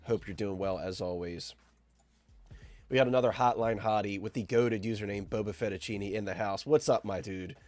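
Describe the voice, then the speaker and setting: A man's voice: fairly low pitch, moderate pace. A sick man hosts a live stream, his voice nasal and stuffed up. He keeps an upbeat, friendly patter as he greets viewers by name. The sound is dry and close, with no room echo. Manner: upbeat, shouting out chat viewers. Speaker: host.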